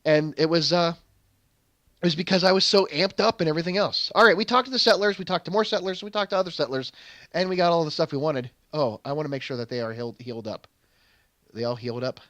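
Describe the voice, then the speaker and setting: A man's voice: a little high, fast talker, fairly bright tone, dry recording. A young adult man hosting a game channel, telling a long stage story in rambling casual commentary, full of fillers and restarts. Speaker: gaming channel host.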